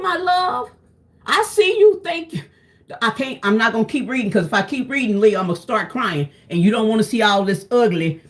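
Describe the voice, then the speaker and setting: A woman, chatting casually to her viewers while she cooks, calling them "y'all". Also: medium pitch. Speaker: cooking vlogger. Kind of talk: casual cooking vlog chat.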